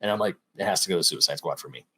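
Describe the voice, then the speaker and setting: A man co-hosting a casual podcast, explaining his award picks with excitement. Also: deep voice, rapid-fire, slightly rough. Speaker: podcast co-host.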